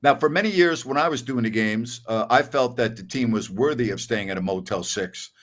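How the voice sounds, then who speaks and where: A man's voice: mid-range voice, a little fast. An older man hosting a sports call-in show, blunt and emphatic when he argues. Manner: blunt, gets loud and emphatic when arguing. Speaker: sports radio host.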